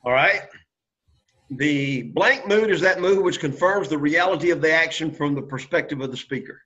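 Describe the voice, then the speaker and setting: A man's voice: a little high, moderate pace, bright, forceful tone. A man teaching a Greek class, quizzing students and checking in with "okay?" and "right?". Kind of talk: classroom lecture. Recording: lo-fi classroom recording.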